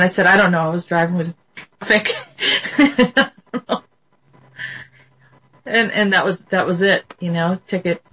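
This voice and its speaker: Easygoing podcast host, mid-pitched, casual and quick to laugh. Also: steady tone, fairly bright tone, poor audio.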